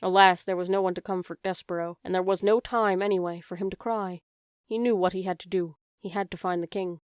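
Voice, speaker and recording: A woman narrating a children's audiobook in a gentle way, speaking directly to the reader. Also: lowish voice, steady tone, a little fast, clear, resonant tone, dry recording, clean studio sound.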